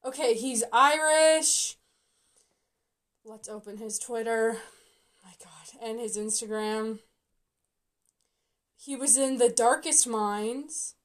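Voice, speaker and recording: A young woman vlogger reacting live and excitably, with loud bursts and quiet mumbling. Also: fairly high pitch, takes it slowly, long pauses. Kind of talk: live casting reaction vlog.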